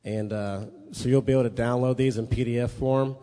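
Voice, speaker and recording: A man's voice: mid-range voice, fairly even intonation, brisk, warm tone. Man preaching in a reverberant hall. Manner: conversational, checks in with listeners. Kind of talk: sermon teaching.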